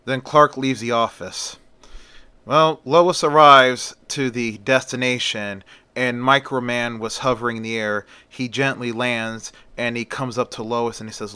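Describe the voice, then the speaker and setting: A man's voice: mid-range voice, steady tone, measured pace, sharp tone, clear, resonant tone, dry recording. A man casually retelling a superhero story in a plain, conversational way.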